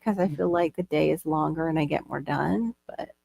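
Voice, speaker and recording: A woman with a lowish, gravelly voice chatting away on a live stream. She is bubbly and talkative and laughs easily. Her voice sounds close and dry, with no room around it. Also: normal speed, dark tone, no room sound. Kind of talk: casual chat.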